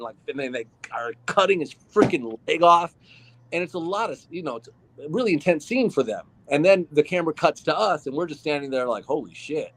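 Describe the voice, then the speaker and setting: A man from Arizona, an actor guest on a podcast, telling behind-the-scenes stories in a relaxed, rambling way with lots of fillers. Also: fairly high pitch. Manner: relaxed storytelling with many fillers. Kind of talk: casual podcast interview.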